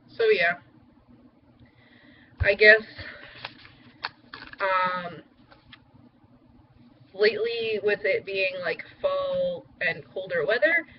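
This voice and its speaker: A woman's voice: on the low side, highs cut off, slight background noise. A young woman chatting casually in a vlog update, rambling with lots of fillers. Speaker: vlogger.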